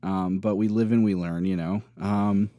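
Low-key man with a mellow voice. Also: steady tone, normal speed, dry recording, studio quality. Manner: low-key, hesitant, many ums. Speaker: podcast co-host. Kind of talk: casual chat.

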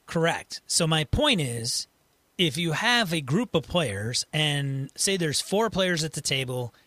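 A man's voice: fairly high pitch, very animated, slow pace, bright, forceful tone, dry recording. A man hosting a tabletop gaming podcast, chatting casually and reading out listener questions. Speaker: podcast host. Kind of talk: casual chat.

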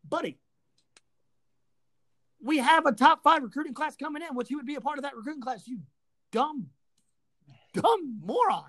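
A woman's voice: high voice, expressive, normal speed, long pauses, a bit bright. A woman hosting a sports talk show, ranting sarcastically and with profanity about a rival team. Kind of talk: ranting sports podcast chat.

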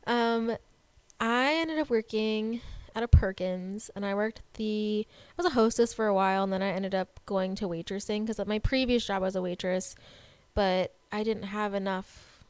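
A woman's voice: mid-range voice, moderate pace, clean tone, dry recording. A woman in her twenties telling a story in casual chat, with many "like" fillers. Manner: chatty, animated storytelling with laughs and "like" fillers.

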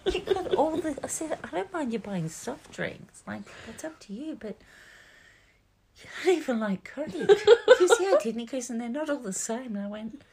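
A woman's voice: sits high, big pitch swings, moderate pace, darkish tone, slight background noise. A middle-aged Australian woman, a mother, chatting casually and telling family stories, acting out what her husband said. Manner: storytelling, quoting her husband, laughing often.

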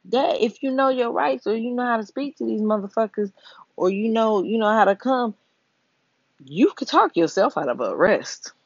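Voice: medium pitch, expressive, normal speed, no room sound. A person giving a blunt, profane commentary rant straight to listeners, speaking emphatically and often asking "you know what I'm saying". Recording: dull, lo-fi, dry audio.

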